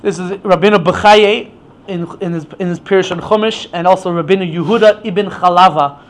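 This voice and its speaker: A man's voice: high-pitched, fairly even intonation, a little fast. A man teaching an informal Torah class, explaining with many stammered restarts.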